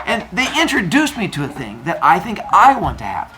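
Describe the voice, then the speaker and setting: A woman's voice: on the low side, huge pitch swings, a little fast, noisy background. A woman voicing a scheming mother goddess who coaxes her sons in a casual, chatty way, at a live talk with an audience. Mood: coaxing. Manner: casual, chatty, playful delivery.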